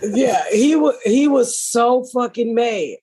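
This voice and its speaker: A woman hosting a podcast, telling a story in a profane, animated way. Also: a little high, slow, husky. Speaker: podcast host. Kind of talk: casual storytelling chat.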